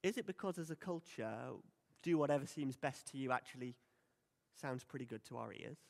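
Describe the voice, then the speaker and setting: A man's voice: mid-range voice, lively intonation, a little fast, vocal fry. A man preaching a sermon in a conversational, emphatic way. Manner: conversational, emphatic, acts out quoted lines. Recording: long hall reverb.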